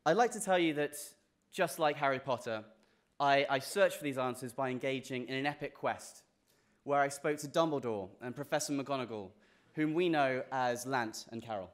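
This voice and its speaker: A man's voice: medium pitch, moderate pace. A young man with a British accent giving a graduation class day speech, earnest with self-deprecating jokes and frequent restarts. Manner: restarts and repeats words. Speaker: graduating student speaker.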